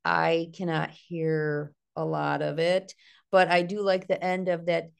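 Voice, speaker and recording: A middle-aged woman from Ohio, a naturalist giving an online nature workshop in a chatty, playful way, with a slightly gravelly voice. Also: lowish voice, level tone, a little slow. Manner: chatty, playful, mimics bird calls in sing-song. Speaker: naturalist and art instructor. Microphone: video call.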